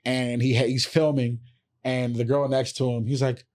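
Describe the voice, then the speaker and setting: A man's voice: mid-range voice, little pitch movement, normal speed, darkish tone. A man co-hosting a podcast in casual comedic chat, loose and profane, laughing often as he tells stories. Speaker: podcast co-host.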